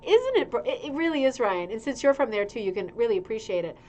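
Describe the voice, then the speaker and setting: A woman's voice: a little high, sing-song, quick pace, a little mellow, a little hiss or hum. Chatty woman reading a magazine aloud. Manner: chatty, reads aloud with asides and laughs. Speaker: show host reading a magazine. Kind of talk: casual livestream chat. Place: indoor room with a humming heater.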